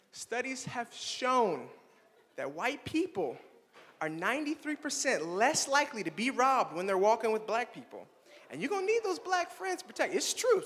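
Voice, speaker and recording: A young man in his twenties performing a playful stand-up comedy set on stage and talking straight to the audience. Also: sits high. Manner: animated, playful, addresses the audience directly. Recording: long hall reverb.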